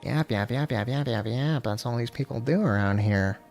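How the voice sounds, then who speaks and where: A man's voice: mid-range voice, normal speed, a little mellow, faint music behind. A young man streaming a video game, chatting casually in a rambling, profane way and getting easily exasperated. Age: young adult. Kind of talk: casual gameplay commentary.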